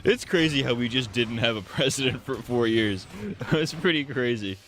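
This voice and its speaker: A man's voice: mid-range voice, animated, moderate pace, fairly bright tone. A man streaming a game and joking crudely in casual commentary, laughing often.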